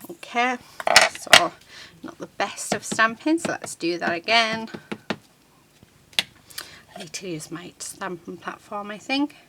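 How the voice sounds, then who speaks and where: A woman with a bright, clear tone hosts a relaxed crafting tutorial from her desk. She takes her time and narrates each small step as her hands work. She chats along with frequent ums and half-finished words. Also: mid-range voice, a little hiss or hum. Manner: chatty, unhurried, many ums and restarts; talks while working with her hands.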